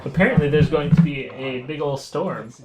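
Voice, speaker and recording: A man's voice: fairly high pitch, normal speed, a crowd in the background. A man co-commentating a card game from outdoors, joking with dry asides.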